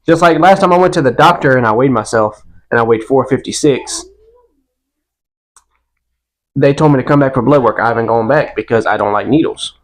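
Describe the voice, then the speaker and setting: A man's voice: medium pitch, fast talker. A man, co-hosting a podcast and telling stories in a laid-back, casual chat. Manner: laid-back storytelling with a Southern "y'all". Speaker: podcast co-host.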